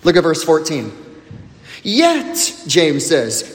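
A male pastor preaching a sermon, emphatic, with big swings in pitch and loudness. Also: wildly swooping pitch, measured pace. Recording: echoey hall with long reverb.

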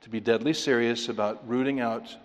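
A man preaching a sermon in an earnest manner, slowing down to read scripture and rising to emphatic stresses. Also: medium pitch, steady tone, in a large hall.

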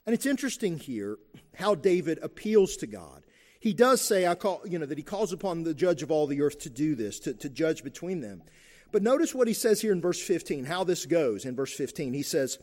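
High-voiced man preaching in a reverberant hall. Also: lively intonation, normal speed, a little mellow. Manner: emphatic, repeats key phrases. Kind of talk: sermon.

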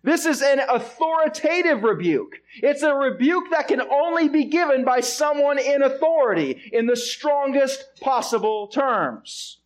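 High-voiced man preaching a sermon. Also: expressive, measured pace. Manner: asks the congregation rhetorical questions. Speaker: pastor. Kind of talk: expository sermon.

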